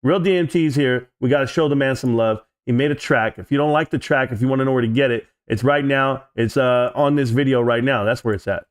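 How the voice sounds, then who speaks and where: A man's voice: mid-range voice, brisk, few pauses. A man hosting a live stream, answering chat in a brash, mocking and profane way.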